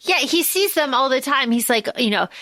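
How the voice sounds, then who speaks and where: Higher-voiced woman recapping a book. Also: normal speed, no echo. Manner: lively plot recap with swearing. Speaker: podcast co-host. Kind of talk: casual book discussion.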